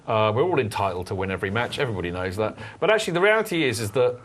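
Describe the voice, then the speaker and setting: A man's voice: fairly low pitch, very fast. A man hosting a football fan podcast, chatting and joking with a panel. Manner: animated, jokey, leads the talk. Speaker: podcast host. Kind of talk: casual football chat.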